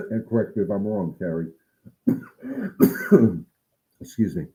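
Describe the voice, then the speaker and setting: A man's voice: fairly low pitch, wildly swooping pitch, slow pace, dark tone, low-quality recording. A man who trains dogs, talking casually to his viewers in a livestream Q&A, earnest and coaching. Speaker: dog trainer answering viewer questions.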